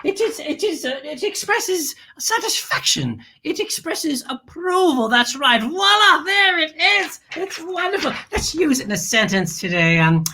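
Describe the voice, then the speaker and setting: A woman's voice: high voice, very animated, a little slow, hardly any pauses, bright, forceful tone, exaggerated voice. A woman playing a grand, glamorous lady who hosts a children's show, gushing and calling everyone darling. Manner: flamboyant, calls everyone darling. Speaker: host. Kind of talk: theatrical kids' show hosting.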